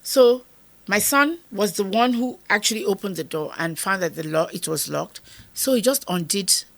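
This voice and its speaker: A Nigerian woman in her fifties, appearing as an interview guest, tells an emotional personal story and acts out the dialogue as she goes. Her mid-range voice is animated, creaky and a bit bright, at a moderate pace.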